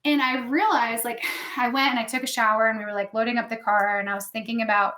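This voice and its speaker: A woman in her thirties speaks quickly with a fairly high, steady, bright voice that sounds pushed. As a podcast guest, she tells candid personal stories in casual conversation, saying "like" a lot. The room is echoey.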